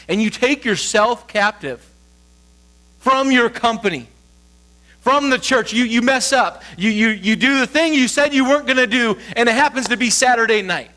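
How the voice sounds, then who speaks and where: A male pastor giving a sermon in a conversational, storytelling way, with quick shifts as he acts out the voices of others. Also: animated, sharp tone. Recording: low mains hum.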